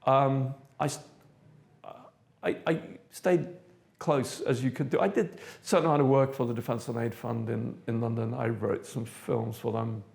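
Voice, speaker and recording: An older South African man, a theatre director, looks back on his past in an interview, speaking thoughtfully and pausing often. His mid-range voice is gravelly and a bit mellow, with fairly even intonation.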